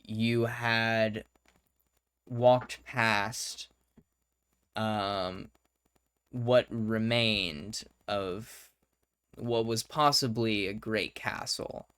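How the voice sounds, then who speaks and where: Smooth-voiced male game master. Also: on the low side, fairly even intonation, a bit bright, dry recording. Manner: halting narration, searching for words. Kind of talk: narrating a tabletop game.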